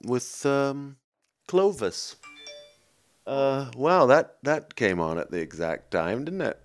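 A man hosting a comedy podcast, rambling excitably from one silly tangent to the next. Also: medium pitch, takes it slowly. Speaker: podcast host. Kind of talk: rambling comic chat.

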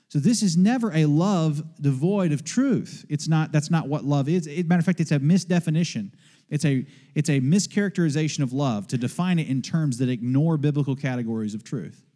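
Male pastor, sermon delivery, emphatic with rhetorical questions; warm, dark tone. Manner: emphatic preaching with rhetorical questions, dropping low for asides.

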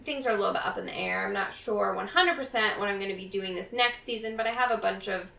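Chatty frank woman on a podcast, bit of vocal fry, sounds a little far from the mic. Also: mid-range voice, quick pace, sharp tone, reverberant. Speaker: podcast co-host. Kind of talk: casual podcast chat. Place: friend's home.

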